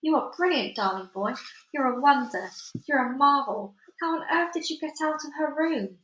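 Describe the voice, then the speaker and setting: A woman voicing a calm, loving elderly grandmother, heard in an echoey room. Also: high voice, moderate pace, muffled recording, pitched above the performer's own voice. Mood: affectionate. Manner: warm, calm. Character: loving, cool-headed old grandmother.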